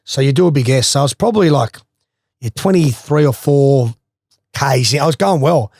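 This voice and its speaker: A former footballer with an Australian accent casually tells a swimming story, laughing through it and swearing freely in an animated way. His voice is medium-pitched at a moderate pace, recorded clean in a studio with no room sound.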